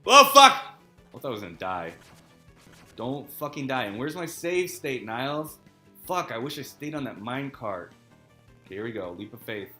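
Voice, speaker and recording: A man live-streaming a game, chatting casually, laughing often, swearing and shouting at tough jumps. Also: medium pitch, lively intonation, moderate pace, echoey room, soft background music. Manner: swears a lot, laughs often, loud outbursts while playing. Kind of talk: casual gaming stream chat.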